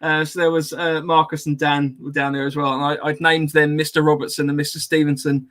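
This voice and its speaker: A man's voice: a little high, level tone, brisk, a bit bright. A man hosting a podcast, telling a story in casual chat with many ums and laughing asides. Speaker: podcast host.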